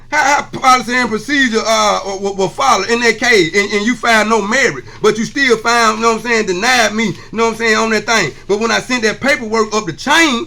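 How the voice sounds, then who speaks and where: A man's voice: sits high, vocal fry, sharp tone. A man giving an emotional, preachy testimony monologue to his viewers, repeating "see what I'm saying.". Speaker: vlogger.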